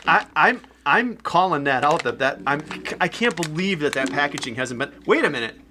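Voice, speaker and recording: A man hosting a casual podcast from a home basement, excitable and quick to laugh. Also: fairly high pitch, noisy background. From Wisconsin. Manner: excitable, laughs often, talks with mouth full. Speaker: podcast host. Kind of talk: casual chat.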